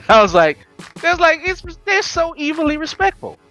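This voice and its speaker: A man hosting a casual anime podcast, telling it in an animated, slangy way with frequent laughs. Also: extremely high pitch, normal speed, faint music behind. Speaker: podcast host.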